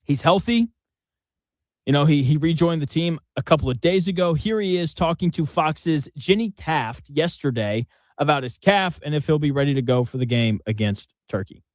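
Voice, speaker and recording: A sports radio host with a somewhat high voice who talks in a loose, conversational way and laughs easily. His studio mic sounds dry and close. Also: expressive, normal speed, darkish tone, no room sound. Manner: conversational, joking, fond of laughing. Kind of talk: sports talk radio commentary.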